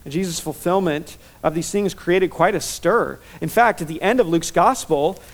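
A man preaching a sermon as pastor, enthusiastic and animated, telling stories with quick repetitions. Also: high voice.

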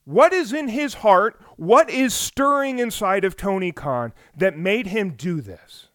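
A man riffing through a solo podcast monologue, his voice pitched high and leaping all over the place. He fires off rhetorical questions, going loud one moment and hushed the next. The sound is dry and close, with no room echo. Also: expressive, takes it slowly. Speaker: podcast host. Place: home on the US West Coast.

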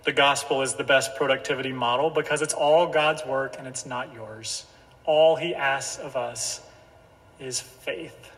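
A man pastor delivering a sermon, slow and emphatic, repeating key phrases. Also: mid-range voice, fairly even intonation, a bit bright. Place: church sanctuary. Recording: church hall reverb.

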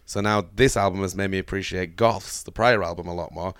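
Podcast co-host, deep voice, quick casual delivery, dry close sound. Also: male voice, fairly even intonation, a bit bright, clear, resonant tone, dry recording. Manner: fast-talking, enthusiastic, dry asides. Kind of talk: casual music chat.

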